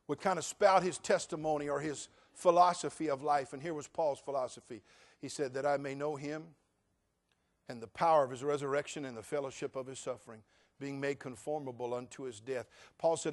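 A middle-aged male pastor preaching a sermon, who drops to a hushed storytelling voice and then climbs to loud, rising declarations while he quotes scripture in old-fashioned wording. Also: a little high.

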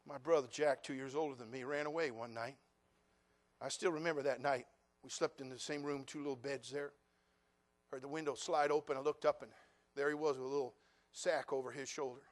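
An older man preaching as a pastor. He tells his story quietly, then rises to loud, fervent preaching. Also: medium pitch, steady tone, brisk. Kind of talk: sermon.

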